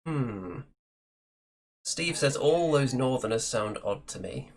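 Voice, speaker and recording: A man hosting a casual hobby chat show, talking in a relaxed, chatty way and thinking aloud. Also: mid-range voice, takes it slowly, crowd noise. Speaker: show host.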